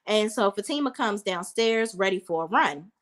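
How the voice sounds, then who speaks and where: Woman in her thirties, casual recap host, chatty and direct with her viewers, mid-pitched voice. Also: expressive, normal speed, fairly bright tone. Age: 30s. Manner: chatty, talks straight to viewers as y'all. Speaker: reality TV reviewer.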